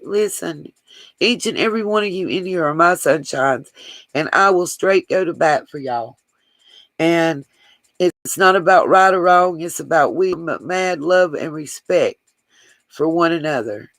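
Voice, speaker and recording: He has an expressive, fairly bright medium-pitched voice and takes his time, recorded roughly with no room sound. As livestream host, he rambles affectionately to viewers, speaking to them directly and reading their comments aloud.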